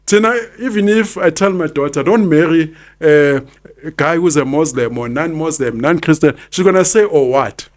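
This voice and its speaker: Host, South African man in his fifties, emphatic and blunt, voice on the high side. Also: normal speed. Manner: emphatic, repeats his points for effect. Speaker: podcast host. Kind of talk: opinionated podcast commentary.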